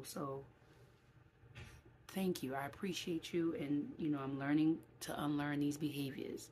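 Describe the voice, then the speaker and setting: A middle-aged woman from New City, talking casually to camera in a vlog. She is animated and acts out quoted voices, with many fillers. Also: deep voice, unhurried, a little hiss or hum. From New York City. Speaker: vlogger.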